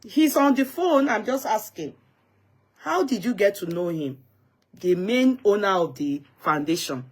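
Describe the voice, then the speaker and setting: A woman's voice: mid-range voice, very animated, unhurried, husky. Emphatic woman hosting a live talk show. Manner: emphatic, indignant, repeats herself. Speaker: host of an online talk show. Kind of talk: live-stream talk show, recounting a dispute.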